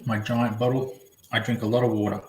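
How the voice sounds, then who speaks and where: A man's voice: lowish voice, flat delivery, fairly quick, noisy background. Rambling man live-streaming in an echoey room. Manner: rambling, chatty, reading comments aloud. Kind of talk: casual live-stream chat.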